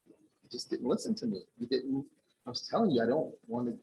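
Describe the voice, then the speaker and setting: A man's voice: medium pitch, big pitch swings, brisk, a little hiss or hum, rough recording. A man at a conference telling an audience a personal story, acting out the dialogue in a raised voice. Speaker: conference speaker. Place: conference ballroom.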